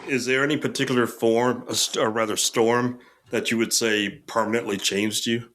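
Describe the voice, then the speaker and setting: A man hosting a podcast, asking his guest measured, plain questions. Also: mid-range voice, fairly even intonation, a bit bright. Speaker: podcast host. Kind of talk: interview questions.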